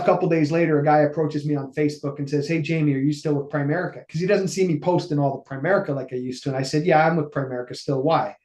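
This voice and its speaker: A man, telling a long personal story in a casual interview and acting out the dialogue. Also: a little high. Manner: animated, acts out quoted dialogue. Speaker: interview guest, financial services executive. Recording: echoey room.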